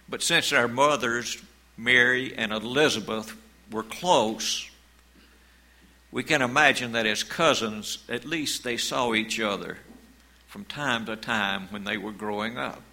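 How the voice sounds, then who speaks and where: Guy preaching a sermon real slow, gravelly voice, measured delivery. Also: medium pitch, sharp tone, poor audio. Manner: slow, measured preaching, reading scripture aloud. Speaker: pastor.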